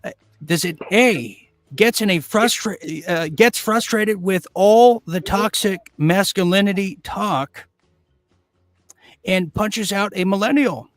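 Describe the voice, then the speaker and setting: Brief: male mock quiz host, slightly high voice, hammy deadpan delivery, dry close mic. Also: no room sound, faint music behind. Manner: hammy, deadpan joking with filler-heavy pauses. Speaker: game show host. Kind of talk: mock quiz show hosting.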